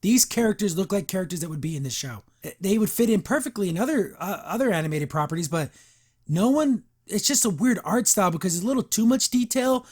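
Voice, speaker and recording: A podcast host recaps a cartoon episode in a loose, chatty way. The voice sits mid-range in pitch, with plenty of "like" and "you know" and a wry, disbelieving edge. It is recorded close on a podcast mic. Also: expressive, quick pace, a little mellow, husky. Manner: rambling, filler-heavy, wry and incredulous. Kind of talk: casual episode recap and review.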